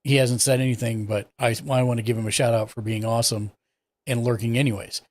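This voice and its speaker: A man's voice: medium pitch, fast. A man hosting a live stream, casually explaining his setup step by step as he clicks through it. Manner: relaxed, explains step by step while clicking around. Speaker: streaming tech support host.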